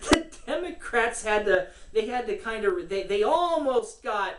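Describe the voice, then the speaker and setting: A woman's voice: on the high side, lively intonation, moderate pace, hardly any pauses, far from the mic. A woman giving casual, sarcastic political commentary, cursing and laughing as she rants. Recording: roomy echo, from the mic, faint noise.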